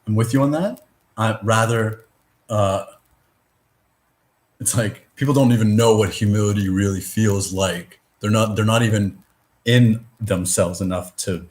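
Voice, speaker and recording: A man in casual conversation, talking in a rambling, halting way with many fillers and restarts, and swearing now and then. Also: fairly low pitch, fairly even intonation, darkish tone. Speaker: discussion participant.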